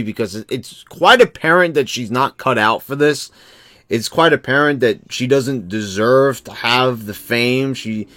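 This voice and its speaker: Male vlogger, mid-pitched, rambling rant with restarts and cursing, dry close sound. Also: fairly bright tone, no echo. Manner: rambling, many restarts, profane. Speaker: wrestling commentary vlogger. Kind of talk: casual opinion rant.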